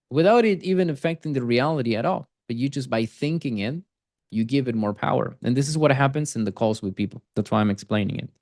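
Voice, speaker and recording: A man's voice: medium pitch, a little mellow, dry recording, clean studio sound. A man coaching a group on sales calls in a casual, conversational way, often acting out what he would say to a prospect. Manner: conversational, repetitive fillers, acts out sales call lines. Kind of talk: live coaching session.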